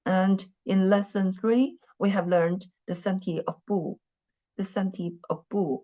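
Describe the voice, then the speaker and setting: A woman's voice: mid-range voice, fairly even intonation, unhurried, dark tone. A woman teaching a Mandarin class in English, repeating phrases and using many fillers. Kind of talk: classroom lesson. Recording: dull lo-fi sound.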